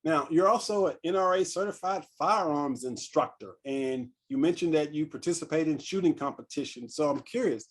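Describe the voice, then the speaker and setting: A man's voice: on the high side, normal speed, few pauses, husky. A man hosting an interview, asking casual questions and reading out the guest's background. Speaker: interview host.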